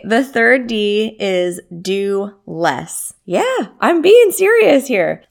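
A woman's voice: mid-range voice, sing-song, very slow, creaky, hardly any pauses. Chatty woman coaching listeners on self-care. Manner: conversational, with frequent rhetorical questions and tag "right?"; laughs easily while speaking. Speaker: wellness coach. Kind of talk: self-help teaching talk.

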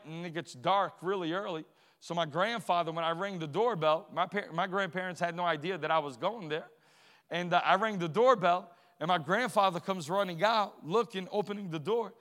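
Male preacher from Portugal, bright storytelling voice, testimony sermon with long hall reverb. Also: sits high. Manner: storytelling, rising to emphatic preaching.

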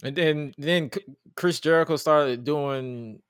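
Animated man in casual wrestling chat. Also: fairly high pitch, slow pace, clean tone, no room sound, clean studio sound. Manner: animated, profane, acts out quotes. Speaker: podcast co-host.

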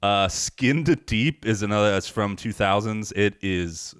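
A man's voice: lowish voice, a little slow, fairly bright tone, clean tone, no echo, studio quality. A man co-hosting a podcast, chatting casually as he recaps a movie, rambling and laughing often. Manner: rambling, laughs often, acts out lines from the film. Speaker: podcast co-host.

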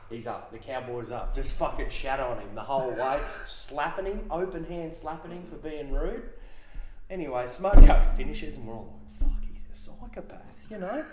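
With an Australian accent and a mid-range, animated voice at normal speed, a man guesting on a podcast laughs and swears through a rowdy workplace anecdote. The recording is very noisy, with a roomy echo.

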